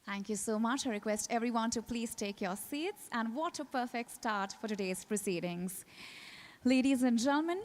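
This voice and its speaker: A woman's voice: a little high, moderate pace, noisy background. A woman hosting a formal listing ceremony as emcee, welcoming dignitaries in a polished, announcing manner. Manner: polished, announcing names with rising emphasis. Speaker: event emcee.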